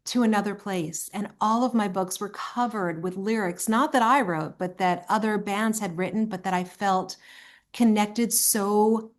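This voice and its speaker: A woman in her fifties from Long Island, a singer telling her life story in a relaxed interview, with frequent ums and uhs. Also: medium pitch, measured pace. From Long Island, New York. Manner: warm, reflective storyteller with frequent fillers. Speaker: singer and songwriter, interview guest.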